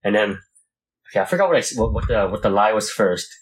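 A man's voice: lowish voice, expressive, fast talker, breathy edge, rough recording. A young man in casual chat, rambling through a story with lots of fillers and restarts.

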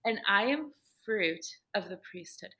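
A woman's voice: medium pitch, lively intonation, a little slow, sharp tone. A woman talking casually about her faith, telling earnest personal stories and filling her speech with "like". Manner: earnest storytelling, heavy use of "like".

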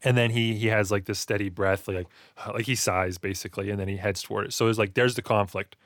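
A man co-hosting a casual talk about writing, animated and acting out reactions in quick quoted asides. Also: on the low side, no echo, studio quality. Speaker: podcast co-host discussing writing. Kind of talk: casual chat.

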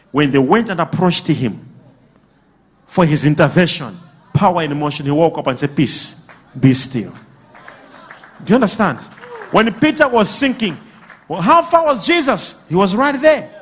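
Male preacher, high and lively voice, animated delivery with sudden shouts and call-and-response. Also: slightly rough. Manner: animated, bursts into shouts and laughter.

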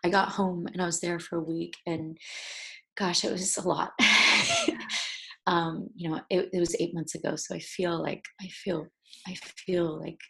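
Woman, young adult, gravelly, breathy, halting storytelling, voice breaking. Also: lowish voice, level tone. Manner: halting, with many restarts and fillers. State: tearful, voice breaking. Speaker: actor guest. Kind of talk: personal storytelling in an interview.

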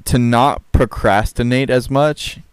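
A man's voice: mid-range voice, steady tone, takes it slowly, smooth, no room sound. Crude, joking young man podcaster. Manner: crude, joking, laughs often, swears freely. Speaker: podcast co-host. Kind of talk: casual podcast chat.

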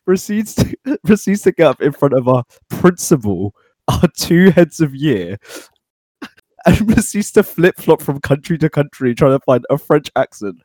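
A man's voice: a little high, very animated, measured pace, a little mellow, dry recording. Brief: young male co-host, giggly storyteller, dry close sound. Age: young adult. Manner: giggly, laughs through his story. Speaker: podcast co-host. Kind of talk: casual chat.

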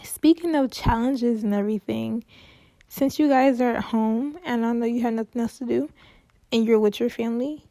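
A woman's voice: a little high, moderate pace, mellow. A young woman telling a story in a casual, chatty way, full of "like" fillers and dramatic exclamations. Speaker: podcast host.

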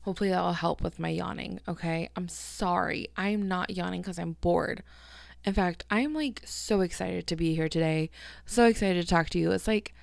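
A young woman hosts her own podcast, talking loosely and warmly to listeners as if catching up with a friend. Her voice sits low with a gravelly fry, and her speech is packed with "like" and "um" as she gushes. The sound is dry and close, with no room around it. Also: fairly even intonation, moderate pace, no echo. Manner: chatty, filler-heavy, 'like' and 'um' everywhere; gushing and affectionate with listeners. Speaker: podcast host. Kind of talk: casual solo podcast chat.

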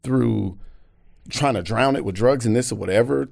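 This gravelly, medium-pitched American man talks at normal speed while sharing candid personal stories as a podcast guest. He's an animated storyteller who acts out the people he quotes, and the clean studio recording carries no room sound.

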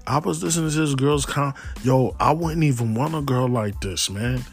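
A man's voice: medium pitch, moderate pace, faint music behind. A stoned man rambling in a casual, slangy monologue, often losing his thread. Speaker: podcast host.

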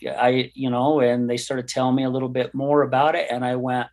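A man of middle pitch tells his own story in an interview, earnest and rambling. He acts out the back-and-forth of old conversations as he goes. His pitch sits in an average range for a man. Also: little pitch movement, fairly quick, hardly any pauses. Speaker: podcast host and guest.

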